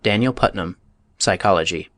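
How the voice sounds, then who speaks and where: A man narrating a nonfiction book in a measured, deliberate reading style. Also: sits low, fairly bright tone. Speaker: audiobook narrator.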